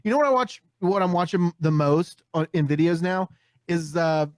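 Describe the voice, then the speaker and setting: A man hosting a casual podcast, telling stories with animated energy, often putting on voices and laughing. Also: sits high, normal speed, dry recording. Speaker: podcast host.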